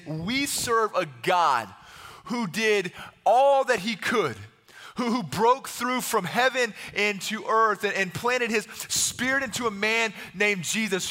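A man's voice: sits high, sharp tone. A man preaching a sermon with passion, repeating himself and acting out the voices of Bible figures. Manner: impassioned, repetitive, acts out the voices of Bible figures. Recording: long hall reverb.

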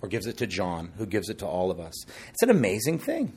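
Male preacher, husky tone, animated storyteller working the congregation. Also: on the low side, brisk. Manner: animated storytelling with acted quotes and asides. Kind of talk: sermon.

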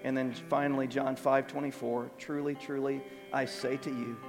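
A man preaching a sermon as pastor, earnest and repetitive, moving between quiet and emphatic passages. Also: mid-range voice, flat delivery, normal speed, long reverb tail, music in the background. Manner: earnest, repeats words, swings between soft and emphatic. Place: church sanctuary.

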